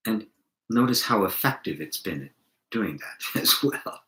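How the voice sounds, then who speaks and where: A middle-aged man leading a spiritual satsang, talking calmly and asking reflective questions as he answers viewers. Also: fairly low pitch, measured pace, roomy sound, poor audio. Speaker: spiritual teacher.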